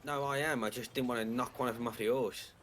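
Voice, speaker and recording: A man's voice: mid-range voice, steady tone, quick pace, fairly bright tone, slight background noise. A man grumbling and swearing his way through a casual in-character roleplay banter. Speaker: roleplay player.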